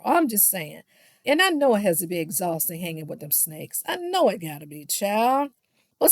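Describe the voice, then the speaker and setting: A woman's voice: mid-range voice, no room sound, studio quality. A woman recapping a reality show in a casual, gossipy way, full of sassy shade, and she keeps calling her listeners "child.". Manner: sassy, shady asides, keeps saying "child"; mimics the people she quotes.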